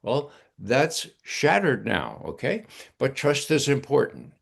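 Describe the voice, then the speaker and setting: Slow, gravelly older man lecturing. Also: mid-range voice, huge pitch swings. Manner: didactic, punctuates points with "okay?". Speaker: guest commentator. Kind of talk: lecturing talk show discussion.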